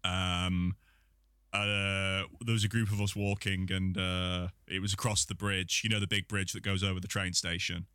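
A man with a very low voice and a bright, forceful edge chats easily, with fillers between his thoughts. His sound is dry and close. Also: flat delivery, moderate pace, clear, resonant tone, dry recording. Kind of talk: casual chat.

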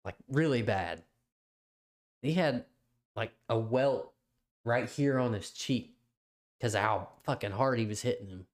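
In a mid-range voice, a young podcast co-host spins a meandering, foul-mouthed story with frequent laughter. He speaks a little slowly and pauses often.

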